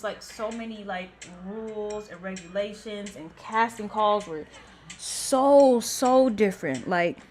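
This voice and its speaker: A woman in her thirties from the Bay Area, telling a story to her viewers in a chatty, blunt and profane way. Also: mid-range voice. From San Francisco Bay Area. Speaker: vlogger. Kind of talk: casual storytelling. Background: faint background music.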